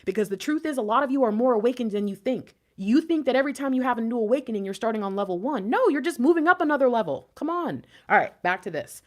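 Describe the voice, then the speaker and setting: A woman's voice: a little high, lively intonation, fast, hardly any pauses. A woman giving an intuitive spiritual reading to camera in a casual, emotional way, exclaiming often and swearing offhandedly. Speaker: intuitive tarot reader.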